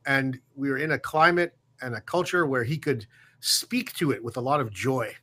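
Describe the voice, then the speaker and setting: A man recounts a personal story as a guest, slowly and reflectively, with pauses and fillers. His voice is bright and forward, at a middling pitch. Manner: warm, reflective, halting with fillers. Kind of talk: casual storytelling.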